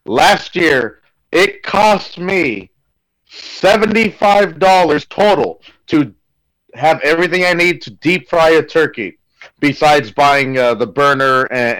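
A man's voice: fairly high pitch, unhurried, a bit bright, rough recording. A man from California, a podcast guest co-host, telling stories casually and jokingly. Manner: storytelling, joking, profane. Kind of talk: casual political chat.

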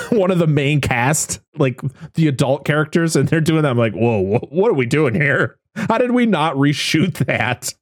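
A man's voice: on the high side, animated, moderate pace, no echo, clean studio sound. A man casually recapping a film on a podcast, laughing often and acting out the characters' lines. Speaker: podcast co-host. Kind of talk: casual movie recap chat.

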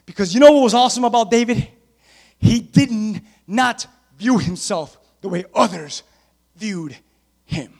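A man preaching a sermon, repeating his points with rising force until he shouts. His voice sits very high for a man. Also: unhurried, gravelly, in a large hall. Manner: emphatic repetition, building to shouts.

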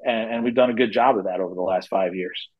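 A man's voice: fairly low pitch, quick pace, phone-quality sound. A man in his forties, head of a wrestling company, answering interview questions in a talkative, storytelling way with frequent restarts. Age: 40s.

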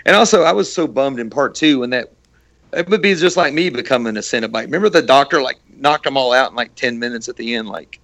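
A man co-hosting a podcast, chatting casually about horror movies with a gravelly, profane, laugh-filled manner. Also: mid-range voice, fast talker, fairly bright tone, dry recording. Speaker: podcast co-host. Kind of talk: casual chat.

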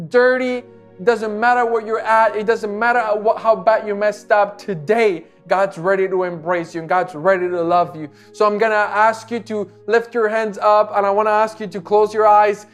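A man preaching a sermon with an altar call, impassioned and pleading, with repeated phrases. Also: high voice.

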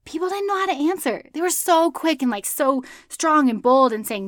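A woman's voice: sits high, lively intonation, moderate pace, few pauses, no room sound, clean studio sound. A woman in her thirties hosting a podcast, giving casual advice in a chatty, upbeat way and laughing often. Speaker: podcast host.

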